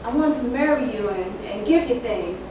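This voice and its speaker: A woman's voice: a little high, lively intonation, moderate pace, noisy background, lightly acted. A woman voicing a stammering young man who pleads, within a stage monologue. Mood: pleading. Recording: echoey hall from far off.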